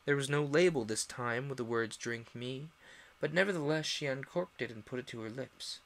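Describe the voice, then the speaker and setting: A young man reading a classic storybook aloud on a stream, expressive and acting out the characters. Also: mid-range voice, fairly quick, gravelly.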